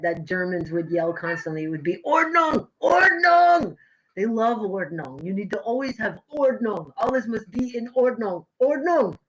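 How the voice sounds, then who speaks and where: A woman's voice: mid-range voice, rough recording. An American woman in her young adult years, chatting casually with her viewers while she paints at home, rambling and self-mocking. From United States. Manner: rambling, self-mocking, swings between loud bursts and mutters. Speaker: live streamer painting. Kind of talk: casual chat to live chat viewers.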